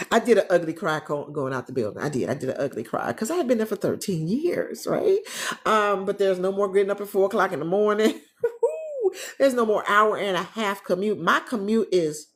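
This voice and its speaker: Woman, retired, livestream host, casual and animated, reads viewer comments, talks from her living room. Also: medium pitch. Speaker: travel agent business coach, livestream host.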